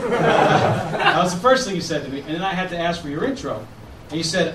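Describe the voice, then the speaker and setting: High-voiced man doing stand-up from Boston. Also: expressive, fairly quick. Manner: punchy joke delivery. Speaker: guest comedian. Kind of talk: stand-up set and chat. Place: comedy club stage. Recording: echoey room, mic far off, noisy.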